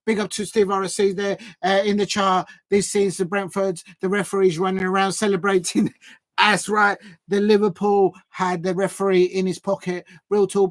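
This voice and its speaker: A man doing a live football watch-along stream, chatty and prone to loud shouts. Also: sits high, dry recording, studio quality. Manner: excitable, bursts into loud shouts at goals; chatty, gives shout-outs to chat.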